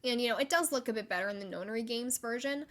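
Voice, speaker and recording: A young woman hosting a solo gaming podcast, chatty and excitable, with frequent likes and laughter. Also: a little high, fast talker. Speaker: podcast host.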